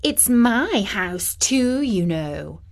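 A woman's voice: on the high side, sing-song, extremely slow, exaggerated voice. A woman voicing a sly, superior male magical cat who drawls haughtily. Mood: smug.

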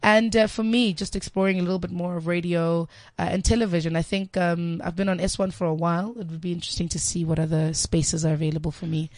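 A woman's voice: on the low side, fairly even intonation, fast talker, few pauses, darkish tone, dry recording. A woman in her twenties, a presenter chatting as a guest in a casual interview. She laughs often and repeats words as she gets going. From South Africa. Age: 20s.

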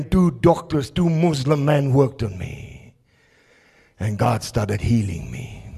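A South African man preaching a fervent testimony sermon at a service in a prison, with a raspy voice. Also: mid-range voice, a little mellow. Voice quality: raspy, gravelly voice.

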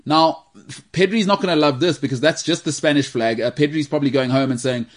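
A South African man hosting a casual football podcast, animated and joking as he tells stories. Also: a little high, fairly quick. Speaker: podcast host.

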